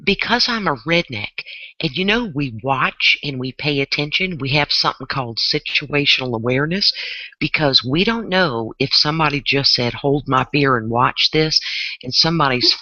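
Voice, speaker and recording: Lively storytelling woman in her fifties. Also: low-pitched, normal speed, no room sound, muffled recording. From New Orleans, Louisiana. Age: 50s. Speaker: panel guest. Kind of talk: casual storytelling.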